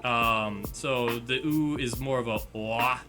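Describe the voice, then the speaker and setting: A man's voice: mid-range voice, takes it slowly, over music. A man co-hosting a podcast in casual chat, self-deprecating and rambling with plenty of fillers. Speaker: podcast co-host.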